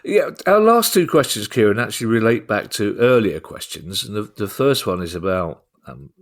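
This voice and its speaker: Low-voiced podcast host reading questions. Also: male voice, sing-song, normal speed. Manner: conversational, introduces questions. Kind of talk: casual podcast chat.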